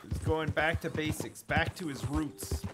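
A man's voice: a little high, fairly even intonation, unhurried. A man casually commenting on his gameplay during a live stream, wry and muttering, swearing freely. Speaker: game streamer. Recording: streaming mic with clear noise.

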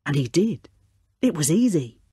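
A woman narrating a children's storybook in a lively, expressive reading. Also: deep voice, measured pace, background noise.

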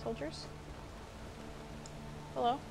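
A young woman giving bubbly, chatty commentary as she plays a video game for the first time. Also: extremely slow. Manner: bubbly, chatty, exclaims often. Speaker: gamer playing a first playthrough. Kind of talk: casual gameplay commentary. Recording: game music playing behind.

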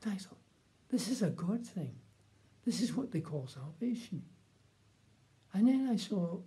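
A man's voice: sits high, mellow. An older man telling his personal faith testimony in a plain, earnest storytelling way. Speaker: testimony speaker.

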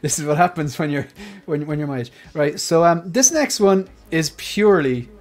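A man's voice: fairly high pitch, expressive, moderate pace, darkish tone. A man hosting a casual livestream panel, chatty and jokey, rambling with frequent restarts. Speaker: livestream host.

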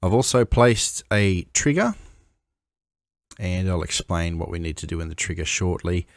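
A man making a game-editing tutorial, explaining in a measured, step-by-step way with pauses. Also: deep voice, dry recording, clean studio sound. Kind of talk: screen-recorded software tutorial.

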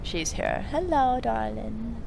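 A woman hosting a let's play, giving casual gameplay commentary, giggly and excitable with sudden exclamations. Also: on the high side, slow pace, vocal fry, a little hiss or hum.

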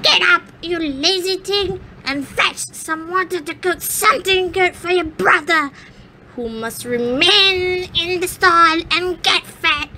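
A woman voicing a wicked old witch with a high, slow, drawn-out voice. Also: bright, forceful tone, slight background noise, exaggerated voice. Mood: gloating.

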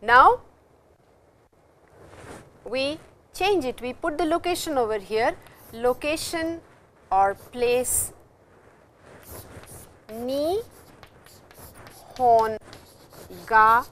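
A woman's voice: sits high, animated, takes it slowly, pauses often, a bit bright, a little hiss or hum. A woman teaching a language lesson, who patiently repeats and stresses example phrases. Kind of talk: classroom lecture.

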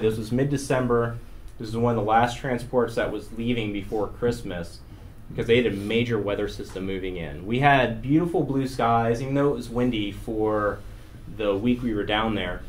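A man's voice: on the low side, a little fast. A man giving a photography talk to an audience in an art gallery, telling wry, humorous stories and laughing along with them. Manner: wry, laughs through his own stories. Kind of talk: humorous storytelling presentation. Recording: noisy room recording.

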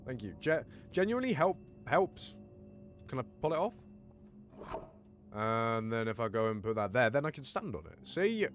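A man playing a horror game with friends and commenting excitedly, swearing often and talking to himself. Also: mid-range voice, normal speed, faint music behind. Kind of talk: let's play commentary.

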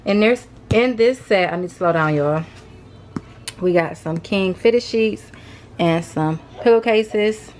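A young woman talking casually through a shopping haul vlog, addressing viewers as y'all, rushed and a bit out of breath. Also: medium pitch, darkish tone, slight background noise. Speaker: vlogger.

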